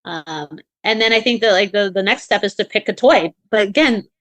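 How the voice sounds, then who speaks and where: A woman's voice: mid-range voice, normal speed, fairly bright tone, no echo. A woman co-hosting a podcast, giving casual advice in a chatty way with many fillers and restarts. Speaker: podcast co-host.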